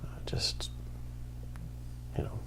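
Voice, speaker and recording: A man telling a personal story in a hesitant, quiet, reflective way. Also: slow, in a whisper.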